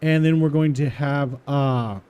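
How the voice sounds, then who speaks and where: A man walking through a coding exercise, repeating words aloud slowly as he types them and chuckling to himself. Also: on the high side, fairly even intonation, mellow, clear, resonant tone. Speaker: coding tutorial presenter. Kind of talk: casual live coding walkthrough.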